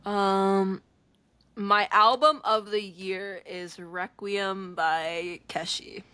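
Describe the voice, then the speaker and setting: A woman's voice: medium pitch, fairly even intonation, drawn-out words, pushed and bright, clean tone, no room sound. A young woman hosting a podcast in casual chat, easygoing and a bit hesitant, often correcting herself. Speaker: podcast host.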